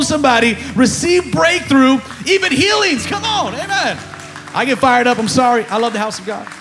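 A man preaching a sermon to his church, energetic and rising into shouts, calling to the congregation. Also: sits high. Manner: energetic preaching, bursts of shouting, call-and-response. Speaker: pastor. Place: church sanctuary.

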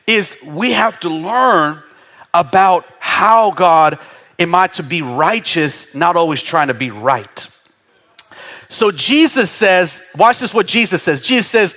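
A male pastor preaching a sermon, animated and often laughing as he acts out congregants' voices. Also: high voice, slow, pauses often.

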